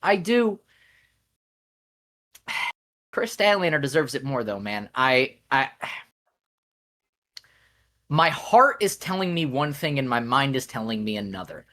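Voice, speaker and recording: A man co-hosting a podcast, talking passionately with frequent swearing, swinging between loud and soft. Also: medium pitch, sing-song, takes it slowly, long pauses. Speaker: podcast co-host. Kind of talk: casual podcast chat.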